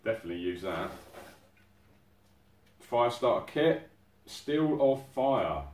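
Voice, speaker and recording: A man's voice: medium pitch, lively intonation, slow pace, a little mellow. A man hosting an outdoors channel, chatting casually through an unboxing and exclaiming in amazement at each item. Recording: roomy sound from a distant mic.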